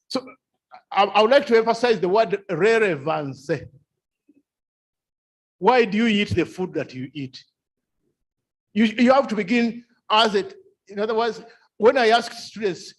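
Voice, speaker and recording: A man's voice: high voice, expressive, a little slow, long pauses, breathy edge. A man giving a seminar lecture, repeating key phrases and asking rhetorical questions. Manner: repetitive, rhetorical questions, chuckles often. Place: seminar room.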